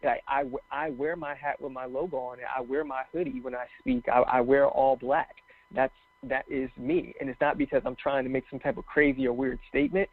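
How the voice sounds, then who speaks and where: A man's voice: medium pitch, steady tone, brisk, no echo. A man speaking as a guest motivational speaker, talking earnestly and with passion in casual interview chat over a phone call. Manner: earnest, passionate, tells stories with acted quotes. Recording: dry tinny phone line.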